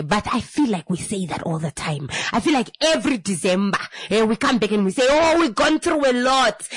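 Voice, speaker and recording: A woman's voice: mid-range voice, no room sound. Chatty woman radio host. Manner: chatty, repetitive, laughs often, emotional. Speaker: radio talk show host. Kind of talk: casual radio chat. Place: radio studio.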